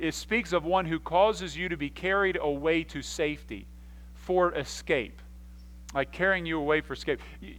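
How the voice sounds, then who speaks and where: Male pastor, fairly high-voiced, animated storyteller who acts out scenes, repeats words and restarts his sentences. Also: low-quality recording. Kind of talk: sermon.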